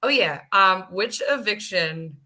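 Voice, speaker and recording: Bright-toned woman co-host. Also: mid-range voice, lively intonation, slow pace. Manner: asks questions with hesitant fillers. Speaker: podcast co-host. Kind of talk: casual chat.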